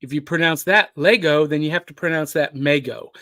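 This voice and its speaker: A man's voice: fairly high pitch, brisk, sharp tone, no room sound. A man hosting a podcast on a live stream, chatting casually and reading viewer comments aloud. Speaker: podcast host.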